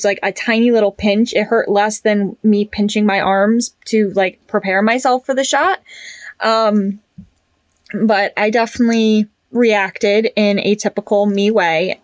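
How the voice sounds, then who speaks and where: A woman's voice: medium pitch, no room sound. Young woman vlogging frankly, dry close sound. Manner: frank and chatty, with frequent fillers. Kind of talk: candid personal vlog.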